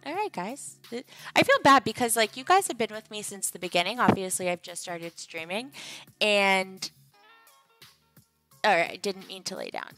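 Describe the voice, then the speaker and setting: Bright, playful young woman streamer. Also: mid-range voice, lively intonation, normal speed, soft background music. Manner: playful, jokey, chatty. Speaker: livestream host. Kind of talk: casual game livestream chat.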